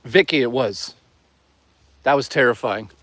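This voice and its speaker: A man talking casually to his live chat while walking outdoors in the woods, excitable, joking and swearing a lot. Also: medium pitch, measured pace, slight background noise. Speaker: live streamer. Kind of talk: casual live-stream chatter.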